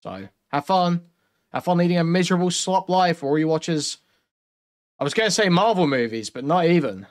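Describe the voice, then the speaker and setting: A man's voice: fairly high pitch, lively intonation, fairly quick. Sarcastic male commentary host. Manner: sarcastic, mocking asides. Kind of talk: casual commentary chat.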